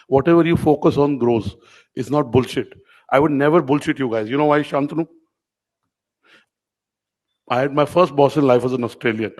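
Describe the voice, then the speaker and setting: A man's voice: medium pitch, normal speed, pauses often, darkish tone, rough recording. A middle-aged man giving an informal keynote speech to award winners, telling anecdotes and calling on audience members by name. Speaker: media company owner addressing award winners. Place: event hall.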